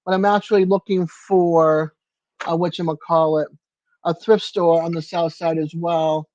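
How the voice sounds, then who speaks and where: A man's voice: a little high, little pitch movement, unhurried, darkish tone, no room sound, dull audio. An older man hosting a casual livestream from his apartment, answering viewers by name in a chatty way. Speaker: livestream host.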